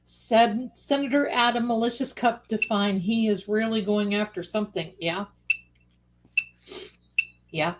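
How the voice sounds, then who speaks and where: A woman hosting a casual livestream, chatting excitedly as she eats and comments. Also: medium pitch, measured pace, pauses often, slight background noise, poor audio. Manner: excited, chatty, talks with mouth full. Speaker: livestream host. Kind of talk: casual live commentary while eating. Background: dish and cutlery clatter.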